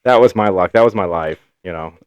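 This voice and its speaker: Co-host type: man, very deep and smooth, loose casual storyteller who swears a lot. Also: brisk, no room sound. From Ohio, USA. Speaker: podcast co-host. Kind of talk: casual chat.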